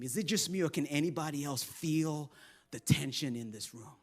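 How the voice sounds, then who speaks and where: High-voiced pastor, joking sermon. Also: male voice, moderate pace. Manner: humorous, conversational storytelling.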